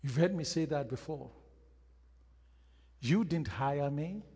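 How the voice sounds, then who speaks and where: A man's voice: fairly high pitch, expressive, slow pace, dark tone, breathy edge. A man preaching a sermon as pastor of his church, emphatic, repeating phrases and acting out quotes. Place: church hall. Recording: hall reverb.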